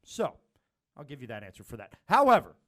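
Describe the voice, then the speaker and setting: A man's voice: fairly high pitch, wildly swooping pitch, brisk, fairly bright tone. A man co-hosting a podcast, giving mock-serious advice in a teasing, lecturing way. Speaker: podcast co-host. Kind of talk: casual podcast banter.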